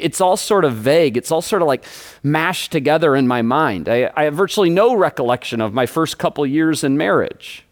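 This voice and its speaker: A man preaching a sermon as pastor, often stammering and repeating words. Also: a little high.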